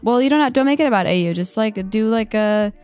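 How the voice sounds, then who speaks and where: A woman's voice: on the high side, animated, a little mellow, smooth, soft background music. A young woman who works as a college radio DJ, chatting casually in the studio and stumbling through lots of likes and fillers. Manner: filler-heavy, halting with many likes. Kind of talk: casual chat. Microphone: studio microphone.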